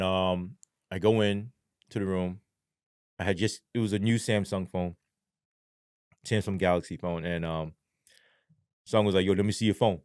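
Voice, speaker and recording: A middle-aged former police sergeant tells his story as an interview guest, his low voice captured in clean studio quality with no room sound. He swears often and gets animated, acting out the dialogue he quotes.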